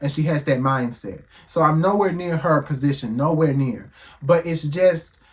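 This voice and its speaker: A man's voice: on the high side, normal speed. A man giving heated reaction commentary, firing off rhetorical questions and swearing freely.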